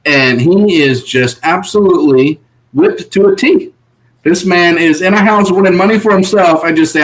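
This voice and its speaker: A man with a slightly high voice talks in a loose, chatty way as he recaps episodes. He laughs often and jumps into quick impressions of the people he talks about. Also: low-quality recording. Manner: animated, laughs often, voices quoted contestants. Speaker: podcast co-host. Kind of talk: casual recap chat.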